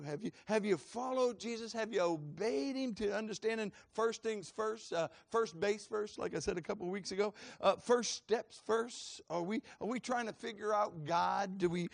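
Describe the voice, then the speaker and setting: A middle-aged man preaching a sermon, fervent, with rhetorical questions and sudden high, whining voices when he acts out prayers. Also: gravelly. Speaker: pastor.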